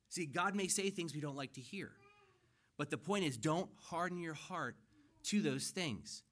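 A man's voice: fairly high pitch, expressive, unhurried, a bit bright. Earnest man preaching a sermon. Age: middle-aged. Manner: earnest, conversational preaching with rising emphasis. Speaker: pastor. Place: church sanctuary.

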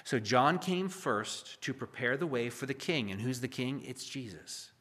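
A pastor teaching through scripture, his voice bright and forceful. He declaims the verses loudly, then slips into quiet, conversational explanations and jokes with his listeners. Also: measured pace, breathy edge. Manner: swings from loud scripture reading to low asides. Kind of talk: expository sermon teaching.

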